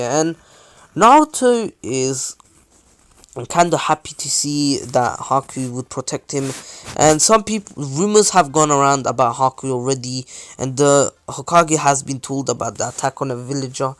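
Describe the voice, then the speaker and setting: A man's voice: medium pitch, expressive, moderate pace, fairly bright tone, no echo. A man improvising a fan fiction story as narrator, rambling with many fillers and restarts. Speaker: channel host, storyteller.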